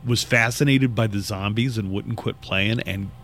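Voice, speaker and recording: Chatty low-voiced radio host man. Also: moderate pace, a bit bright, a little hiss or hum. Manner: chatty, exasperated storytelling. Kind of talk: casual chat.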